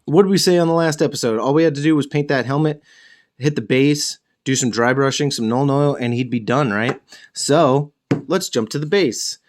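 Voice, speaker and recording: At a moderate pace and in a mid-range voice, a young host chats through painting miniatures on his show. It's casual and rambling, with self-corrections and jokes that sometimes include a curse.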